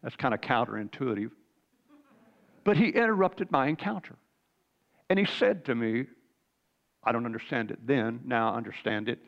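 A man in his sixties earnestly telling a spiritual testimony, often clearing his throat and repeating words. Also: mid-range voice, animated, normal speed, pauses often, a bit bright, dull audio. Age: 60s. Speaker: Christian speaker sharing a testimony.

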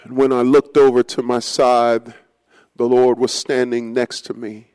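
A pastor preaching a sermon, telling a story with passion and drama. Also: male voice, mid-range voice, little pitch movement, a little slow, a little mellow, clear, resonant tone, rough recording.

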